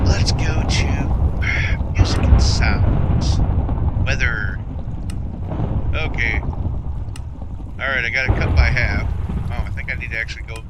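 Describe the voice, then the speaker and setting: Rambling, joking man over loud wind. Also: medium pitch. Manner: rambling, joking, self-deprecating. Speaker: gameplay streamer. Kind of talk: casual gameplay commentary.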